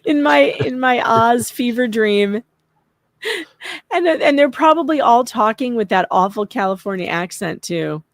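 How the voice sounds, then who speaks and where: A woman's voice: fairly high pitch, expressive, unhurried, no room sound. A woman joining a live stream as co-host, chatting casually and agreeing in short wry remarks. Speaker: co-host guest.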